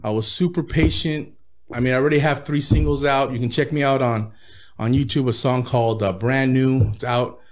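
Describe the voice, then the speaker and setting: A man's voice: mid-range voice, fairly even intonation, moderate pace. A man, a rapper guest in his thirties, telling profane, laid-back stories with frequent laughs in a casual interview.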